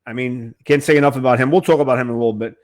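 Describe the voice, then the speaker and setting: A man's voice: mid-range voice, fairly even intonation, very fast, crowd noise. A man from Queens with a heavy New York accent, hosting an interview in a chatty, jokey way. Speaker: podcast host. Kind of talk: casual interview chat.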